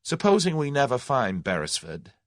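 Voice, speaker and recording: A man's voice: medium pitch, wildly swooping pitch, normal speed, dry recording, clean studio sound, voice pushed up. A man voicing a brash, confident young man with a breezy, direct way of talking. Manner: breezy, direct, folksy slang.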